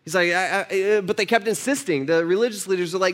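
A man's voice: sits high, fast talker, fairly bright tone. A man preaching a sermon, retelling a scripture story in casual modern slang and acting out the characters' voices. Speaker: pastor.

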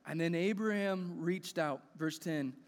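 High-voiced male pastor preaching. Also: a little slow. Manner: earnest, conversational, builds to emphatic peaks. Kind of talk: sermon. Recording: echoey hall reverb.

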